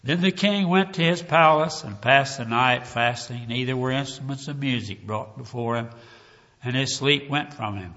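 A man preaching a sermon with emotion, calling his listeners "dear ones" and swinging from hushed talk to loud cries. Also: medium pitch, moderate pace. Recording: dull lo-fi recording, long hall reverb.

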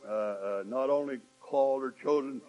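A man preaching a sermon, repeating phrases and swinging from hushed asides to shouts. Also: medium pitch, muffled recording, soft background music. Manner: swings from hushed to shouting, mimics complaining voices; repeats phrases, drawn-out emphatic lines.

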